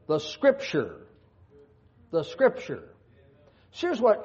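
A man's voice: fairly high pitch, warm tone. A man preaching a sermon, reading scripture aloud and dropping folksy, joking asides. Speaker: pastor. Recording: dull lo-fi sound.

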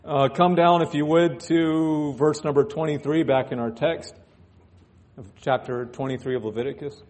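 A man's voice: fairly high pitch, steady tone, normal speed, darkish tone. Man preaching with joking asides. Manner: joking asides between scripture readings. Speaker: pastor. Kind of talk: sermon. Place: church.

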